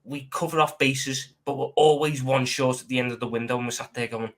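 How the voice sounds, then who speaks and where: A man debating football as a fan pundit, animated, sometimes mimicking others mockingly. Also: mid-range voice, a little fast.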